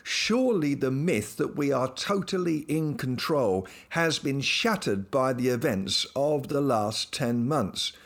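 Male host, devotional talk, playful storyteller, very expressive pitch. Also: slow, few pauses. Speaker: host and Christian speaker.

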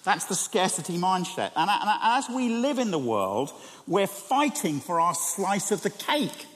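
A man preaching a sermon, animated and conversational, drawing listeners in with rhetorical questions. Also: high-pitched, a little slow. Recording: long hall reverb.

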